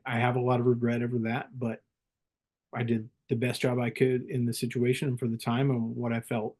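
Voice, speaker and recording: A middle-aged man, a former Marine leader, telling stories in a calm and reflective way as a podcast guest. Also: medium pitch. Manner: calm, reflective, laughs easily. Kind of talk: casual interview storytelling.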